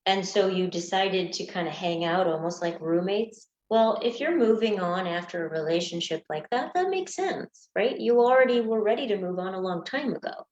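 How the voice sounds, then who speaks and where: A woman's voice: medium pitch, lively intonation, normal speed, few pauses, darkish tone. A woman coaching listeners through breakup stages in an earnest teaching talk, sometimes acting out examples. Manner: earnest, acts out examples in small voices. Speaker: anxiety coach. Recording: echoey room, dull lo-fi sound.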